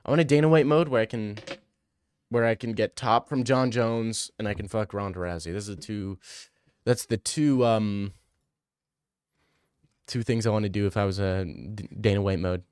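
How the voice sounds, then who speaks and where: A man's voice: fairly low pitch, normal speed, long pauses, darkish tone, clear, resonant tone, dry recording, studio quality. A young man streaming casually, answering viewer messages in a crude, rambling, joking way.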